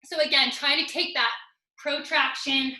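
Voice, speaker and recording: A woman's voice: high voice, steady tone, measured pace, sharp tone. A woman fitness instructor leading a live online workout class, counting down intervals and cueing form with joking asides, a little out of breath. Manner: upbeat coaching, counting down reps, joking asides. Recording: roomy echo.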